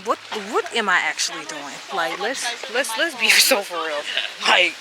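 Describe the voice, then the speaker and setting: A woman's voice: mid-range voice, very animated, normal speed, over music, poor audio. A young woman vlogging by a lakeside cliff, chatting and joking in slang as she films on a handheld camera. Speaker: travel vlogger. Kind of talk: casual vlog chat. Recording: loud outdoor noise.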